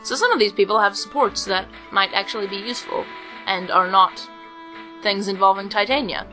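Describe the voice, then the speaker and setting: A woman's voice: mid-range voice, normal speed, over music, rough recording. A woman hosting a let's play, giving casual rambling commentary with self-mocking asides.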